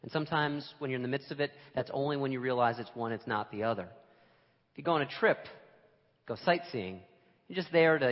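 A man preaching a sermon to a congregation in a relaxed, conversational and self-deprecating way, with emphatic moments. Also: mid-range voice, a little fast, big-room sound, lo-fi sound. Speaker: pastor. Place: church sanctuary.

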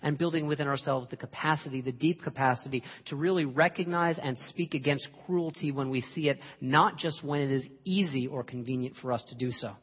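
A man's voice: medium pitch, brisk, few pauses, husky. A man giving a sermon who tells a parable and acts out the voices in it. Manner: storytelling, acting out voices in a parable. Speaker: minister. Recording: lo-fi recording with long hall reverb.

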